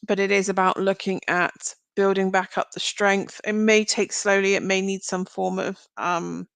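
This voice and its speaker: Woman, live tarot reader, smooth clear voice, chatty and rambling, reassuring, dry close sound. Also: mid-range voice, flat delivery, normal speed, fairly bright tone, no room sound. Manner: chatty and meandering, thinking aloud; reassuring, speaks straight to viewers. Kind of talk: live-streamed card reading.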